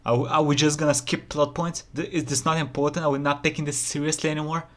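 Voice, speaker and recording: A man's voice: a little high, level tone, quick pace, a bit bright. A man hosting a reaction video, ranting incredulously with rhetorical questions in casual commentary.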